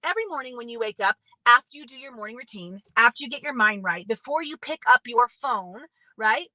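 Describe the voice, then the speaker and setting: Upbeat chatty woman with a bright high voice. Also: lively intonation, a little fast, dry recording, low-quality recording. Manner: chatty, upbeat, lots of "right?" and "you guys". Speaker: motivational speaker. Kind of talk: casual motivational talk to viewers.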